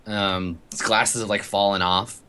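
A man's voice: fairly low pitch, level tone, measured pace, pushed and bright, clear, resonant tone. A young man narrating a tabletop game as game master, speaking loosely with many fillers.

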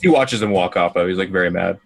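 A man's voice: low voice, quick pace, gravelly. A man playing a tabletop role-playing game, giving long in-character speeches and breaking off to joke and correct himself. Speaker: player.

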